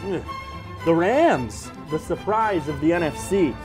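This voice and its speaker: Higher-voiced man ranting through sports picks. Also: expressive, measured pace, over music. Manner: joking, ranting, teasing. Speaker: podcast host. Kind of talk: casual sports picks chat.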